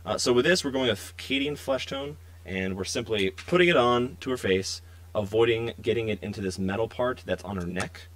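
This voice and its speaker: A young adult man hosting a casual live-stream painting tutorial, chatty and relaxed as he talks to viewers while working. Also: lowish voice, moderate pace, no room sound. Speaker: miniature painting stream host.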